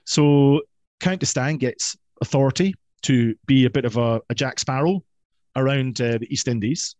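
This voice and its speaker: A man telling a history story with playful, emphatic energy, his pitch in a middle register. The sound is close and dry, with no room echo. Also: normal speed, a little mellow. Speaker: guest historian.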